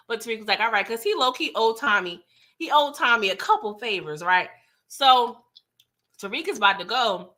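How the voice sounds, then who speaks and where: A woman's voice: a little high, expressive, moderate pace, pushed and bright. A woman recapping a TV episode in casual commentary, chatty and talking straight to her viewers, often laughing. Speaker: TV recap reviewer.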